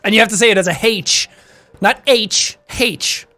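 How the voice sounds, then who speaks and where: Lively high-voiced Irish man chatting. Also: fast. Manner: animated, chatty, laughs often, slips into character voices. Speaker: streamer. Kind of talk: casual stream chat.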